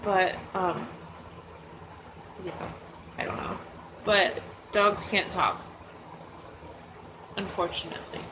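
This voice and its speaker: A woman's voice: fairly low pitch, slow, pauses often, background noise. A woman in her forties chatting candidly and casually as host, with many "like"s and "um"s. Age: 40s. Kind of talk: casual chat. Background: dogs nearby.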